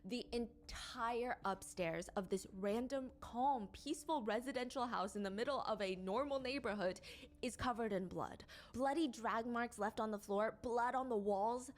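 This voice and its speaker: Woman narrating a true crime story. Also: fairly high pitch. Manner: measured, descriptive storytelling.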